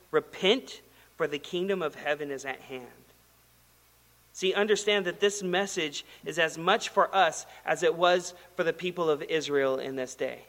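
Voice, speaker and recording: A man delivers a sermon in a loose, conversational way, telling stories with lively flair. His voice sits high and sounds bright. Long reverb trails each phrase, as in a large hall. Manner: conversational, animated storytelling with acted quotes. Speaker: pastor.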